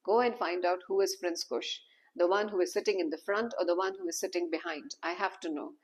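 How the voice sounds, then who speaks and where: A woman voicing a proud young princess, quick to anger and suspicious, in a husky voice. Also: on the low side, steady tone, rough recording.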